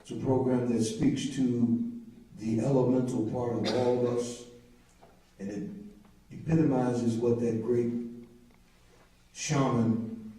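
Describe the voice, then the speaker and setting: Guy telling a funny story to the congregation, slow and mellow, echoey hall from far off. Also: medium pitch. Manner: humorous storytelling, drawn-out phrasing. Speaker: intern minister. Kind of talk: personal testimony to a congregation.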